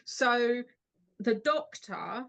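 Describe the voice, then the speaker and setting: A woman, a podcast guest, retelling film scenes in a long, rambling, animated way. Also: a little high, very slow. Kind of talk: casual podcast chat.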